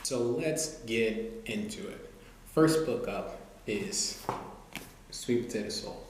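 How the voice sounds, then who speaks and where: A man's voice: on the low side, slow pace. Laid-back man in an echoey room. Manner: relaxed, loose, many fillers like "you know" and "like". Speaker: vlogger reviewing cookbooks. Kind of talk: casual talk to camera. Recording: very echoey room, faint noise.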